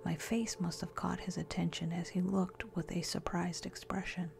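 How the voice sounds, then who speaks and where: A woman narrating a scary story in a soft, steady whisper. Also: fairly low pitch, moderate pace, vocal fry, few pauses, a little hiss or hum.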